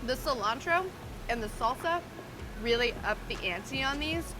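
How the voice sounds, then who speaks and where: A woman's voice: high-pitched, lively intonation, moderate pace, background noise. A woman in a food review video, exclaiming and gushing over each dish. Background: music.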